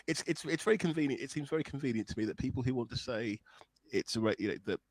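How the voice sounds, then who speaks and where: This guest, a songwriter and blues musician, has a mid-range, slightly mellow voice with lively intonation and a quick pace. He reflects earnestly in conversation, groping for words, over poor audio without echo.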